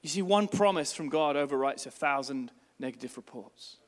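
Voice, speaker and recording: High-voiced pastor preaching in a hall. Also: male voice, lively intonation, normal speed. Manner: emphatic storytelling preacher. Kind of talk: sermon.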